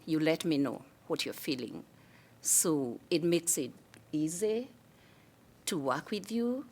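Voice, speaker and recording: A woman from Kenya, a city commissioner, giving measured, heartfelt farewell remarks at a public meeting. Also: low voice.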